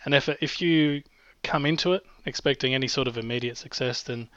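A man's voice: medium pitch, a little fast, a bit bright, dry recording. An Australian man with a cold gives frank, plain-spoken advice as a podcast guest. His voice comes through a dull, lo-fi remote line with a very dry sound. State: has a cold. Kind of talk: casual podcast chat.

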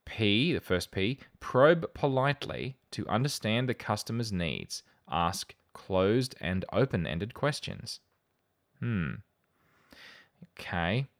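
A fairly low-voiced man hosting a chatty podcast. He talks in a wry, animated way and reads out quoted lines with dry sarcasm. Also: vocal fry. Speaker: podcast host. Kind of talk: casual podcast chat.

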